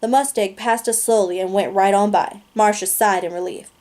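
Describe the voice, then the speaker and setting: A woman reading a novel aloud, her narration steady, plain and unhurried. She keeps an even storybook tone and stumbles over the odd word now and then. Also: mid-range voice. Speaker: reader.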